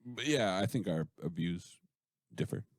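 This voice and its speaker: Gravelly low-voiced podcast co-host man. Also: lively intonation, measured pace, no room sound, clean studio sound. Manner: laid-back, short agreeing replies, playful. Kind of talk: casual chat.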